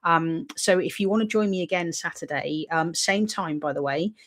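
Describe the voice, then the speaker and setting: A woman's voice: lowish voice, normal speed, a bit bright. A woman hosting a live-streamed psychic reading, talking in a chatty, reassuring, rambling way, with lots of fillers and frequent "okay?" check-ins. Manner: filler-heavy, rambling delivery. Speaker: psychic medium host.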